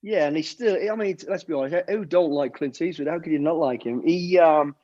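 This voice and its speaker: Lively middle-aged storyteller. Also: male voice, fairly high pitch, a little fast, dry recording, dull audio. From United Kingdom. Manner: lively storyteller, repeats words, acts out quotes. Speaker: guest, former soldier and bodyguard. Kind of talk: anecdotal storytelling.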